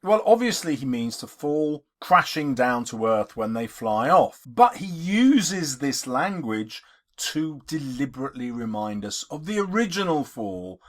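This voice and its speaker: A male English teacher giving a literature lesson, explaining in an emphatic, expressive way. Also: medium pitch, a little slow.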